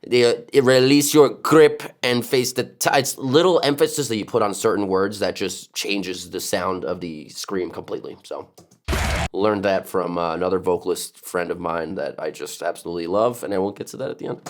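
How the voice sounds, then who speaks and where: A man's voice: deep voice, steady tone, moderate pace, a little hiss or hum. A man casually explaining his vocal techniques, breaking off to demonstrate growls, gutturals and shrieking screams.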